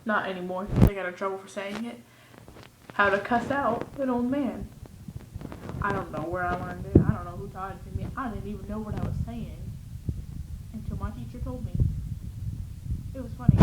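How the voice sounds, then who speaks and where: A teenage girl vlogging casually, rambling in a goofy way and swinging between mumbles and loud outbursts, recorded on a phone or webcam at home. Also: medium pitch, normal speed, pauses often, heavy background noise. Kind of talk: casual vlog rant. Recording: echoey room.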